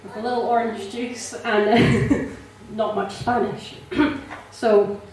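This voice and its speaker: A woman sharing a personal testimony in church, chatty and animated, laughing often and filling pauses with ums. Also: fairly high pitch. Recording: echoey church hall, mic from a distance.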